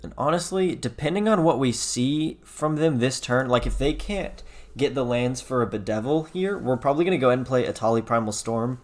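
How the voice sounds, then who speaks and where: A man's voice: mid-range voice, a little fast. A young man giving casual gameplay commentary, thinking aloud as he plays, often correcting himself, with a wry tone when things go wrong.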